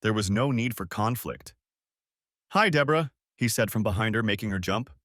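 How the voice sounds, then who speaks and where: A man narrating a story audiobook with a lively, expressive delivery into a close mic. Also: fairly low pitch, brisk, no room sound.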